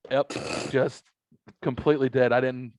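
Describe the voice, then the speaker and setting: Swearing middle-aged podcast host. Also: male voice, moderate pace, dry recording. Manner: rambling storyteller, swears a lot, bursts into high excited quotes. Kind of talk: casual podcast chat. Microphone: headset.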